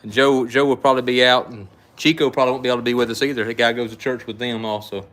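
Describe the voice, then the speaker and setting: A middle-aged man with a drawl talks folksy and rambling, like he's hosting a live sale for viewers he knows. His voice sits at an ordinary, middling pitch, and the talk stays easygoing. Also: little pitch movement, quick pace, a bit bright. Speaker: knife shop host. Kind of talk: casual live-stream sales chat.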